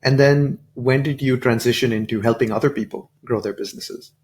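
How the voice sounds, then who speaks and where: A man's voice: medium pitch, fairly quick, darkish tone. A man hosting a podcast, asking short, friendly questions and prompts. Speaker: podcast host. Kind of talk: interview questions.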